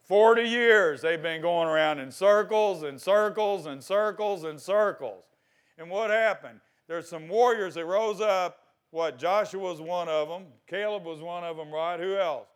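Male preacher, fairly high voice, dramatic sermon delivery that jumps between loud calls and quiet asides. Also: measured pace, smooth. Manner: asks the congregation questions.

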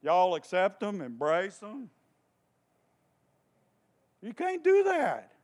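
A man preaching a sermon with passion, repeating phrases for emphasis and swinging between hushed tones and shouting. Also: high-pitched, huge pitch swings, slow.

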